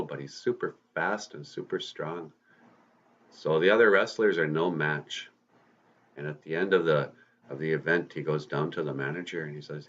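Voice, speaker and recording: A man's voice: deep voice, a bit bright, dull audio. A man host casually retelling a story in a folksy, conversational way, drawing out words for emphasis.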